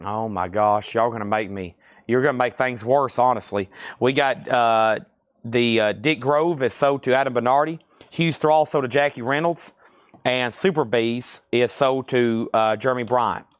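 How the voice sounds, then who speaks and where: A man with a Southern US accent from Tennessee, running a live record sale stream with fast, joking auction patter. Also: mid-range voice, fairly even intonation, clear, resonant tone, no room sound, studio quality. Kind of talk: live sales auction chat.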